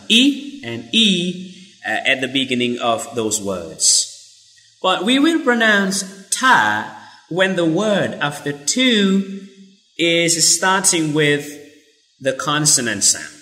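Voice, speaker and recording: A man teaching pronunciation, speaking slowly and deliberately and repeating words for drilling. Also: a little high, bright, forceful tone. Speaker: English teacher. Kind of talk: pronunciation lesson.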